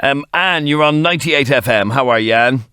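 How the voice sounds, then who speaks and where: A man's voice: medium pitch, fairly quick, sharp tone, clear, resonant tone, dry recording. An Irish man hosts a radio phone-in, talking into a studio mic. He sounds conversational and probes his callers with questions. The sound is dry and close. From Ireland. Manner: conversational, probing. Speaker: radio talk show host. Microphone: studio microphone.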